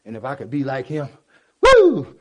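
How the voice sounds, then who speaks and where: Brief: man testifying from the pulpit, fairly high voice, fervent, casual, runs from hushed to loud. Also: animated, a little fast. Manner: casual, repetitive asides to the listeners. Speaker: church speaker giving testimony. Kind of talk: preaching testimony.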